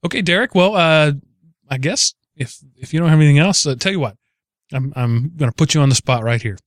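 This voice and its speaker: A man's voice: on the high side, animated, fairly quick, no echo, studio quality. A man hosting a tech podcast, talking casually with a teasing, joking manner. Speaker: podcast host. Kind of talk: casual chat.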